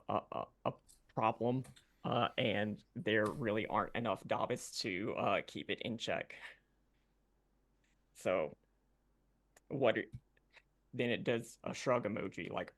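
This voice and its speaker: A man running a tabletop game as game master, narrating in a halting way with lots of ums and uhs. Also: on the low side, vocal fry.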